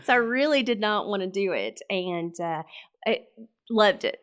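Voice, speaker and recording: Podcast guest: woman in her 40s, lively, laughs a lot as she tells her story. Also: medium pitch, moderate pace, clean tone. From Mississippi. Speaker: podcast guest, real estate coach. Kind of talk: casual interview chat.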